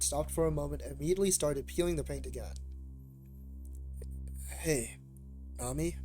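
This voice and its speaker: A man streaming a visual novel, reading it aloud with rambling, hesitant asides and restarts. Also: on the high side. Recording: steady background noise.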